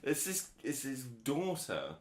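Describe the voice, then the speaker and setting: A man's voice: mid-range voice, wildly swooping pitch, takes it slowly. A man co-hosting a film podcast in casual chat, teasing and arguing, often laughing. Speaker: podcast co-host. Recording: echoey room.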